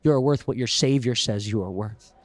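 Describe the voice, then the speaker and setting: A man's voice: medium pitch, a little fast, studio quality. A young man preaching a sermon, telling a story with humor and dramatic flair. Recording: echoey church hall.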